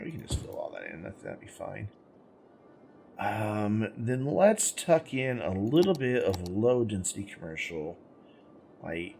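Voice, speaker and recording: A man's voice: fairly low pitch, creaky, darkish tone. A man hosting a gaming channel, giving casual let's-play commentary as he plays, thinking aloud, rambling and correcting himself, with the hiccups.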